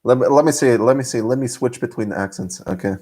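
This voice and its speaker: A man's voice: mid-range voice, fast, a little mellow, slightly rough. A man from Serbia, chatting casually on a live stream, joking and laughing often between lines.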